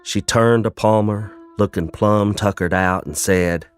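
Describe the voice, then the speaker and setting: A man narrating a fantasy story in a calm, measured, descriptive way. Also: lowish voice, clean tone, faint music behind.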